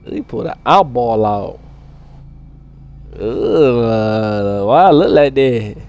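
A man hosting a gaming channel, giving live gameplay commentary full of animated trash talk and loud outbursts. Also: mid-range voice, takes it slowly.

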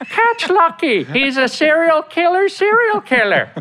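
A man putting on a high, sing-song Irish brogue to voice a gleeful leprechaun man turned serial killer. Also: wildly swooping pitch, unhurried, bright, forceful tone, full character voice. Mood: gleefully menacing. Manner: giggly, menacing cheer.

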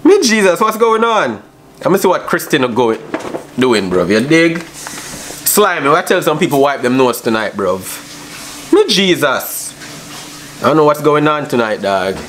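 Brash, slangy man with a fairly high voice, teasing strangers on a noisy phone video call. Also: big pitch swings, measured pace, pauses often, fairly bright tone. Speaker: vlogger on a video chat app. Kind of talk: casual banter with strangers. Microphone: phone on a video call app.

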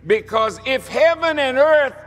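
Male minister, high register, measured dramatic preaching, faint music under. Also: lively intonation, long reverb tail. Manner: dramatic preaching, swinging from hushed to shouting. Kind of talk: sermon.

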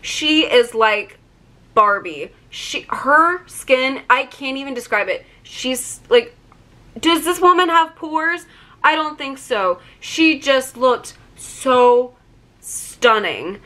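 A young woman in a casual storytime vlog, gushing with excitement and filling her talk with "like". Her voice is bright and forceful, pitched a little above most women's. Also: takes it slowly. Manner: excited, gushing, heavy use of "like". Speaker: vlogger.

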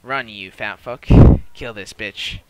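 Sharp-voiced swearing gamer man. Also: fairly low pitch, takes it slowly. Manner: constant swearing, frustrated outbursts at enemies; self-aware, admits he is new to the game. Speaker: gamer playing a multiplayer beta. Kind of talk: live gameplay commentary.

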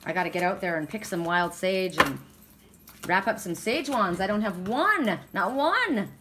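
A woman's voice: mid-range voice, animated, moderate pace, noisy background. A woman with a sore throat giving a casual, rambling oracle card reading, stressing her points with many restarts.

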